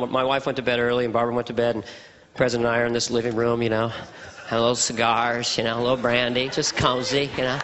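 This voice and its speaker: A man performing stand-up comedy, telling stories with lively delivery and popping into character voices. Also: mid-range voice, dull audio. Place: large theater with a live audience. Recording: live stage recording, long hall reverb, loud crowd and ambient noise.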